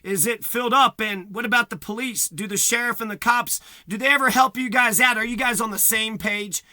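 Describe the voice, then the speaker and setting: A man's voice: sits high, steady tone, fairly quick, bright, forceful tone, no room sound, clean studio sound. A man delivering a profane, agitated rant to camera, repeating himself and swearing heavily. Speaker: vlogger.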